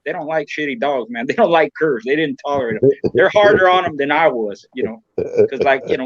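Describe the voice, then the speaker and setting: A man's voice: a little high, fairly quick, fairly bright tone. A man around sixty, from Southern California, chatting casually as a podcast guest. He rambles frankly, swears freely and leans on "you know.". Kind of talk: casual chat. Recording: dull, lo-fi, dry sound.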